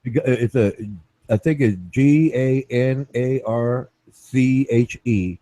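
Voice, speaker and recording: A man's voice: mid-range voice, slow, dark tone, dry recording. A man hosting a casual online chat, rambling with many restarts and tag questions like "right?". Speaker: show host.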